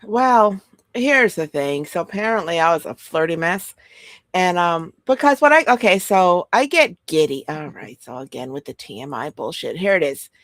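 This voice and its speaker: A woman chatting casually as a podcast co-host, giggly and animated as she tells a story. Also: lowish voice, moderate pace, no room sound. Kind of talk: casual chat.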